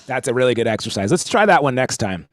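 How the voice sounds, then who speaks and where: A man's voice: medium pitch, very animated, fast, slight background noise. A man leading a livestream drum lesson, talking casually as he explains stickings and counts the group in. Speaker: drum instructor.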